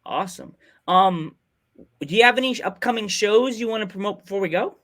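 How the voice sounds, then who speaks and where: Excitable high-voiced man hosting a podcast. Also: fairly quick. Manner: excitable, rambling storyteller. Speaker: podcast host. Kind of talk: casual chat.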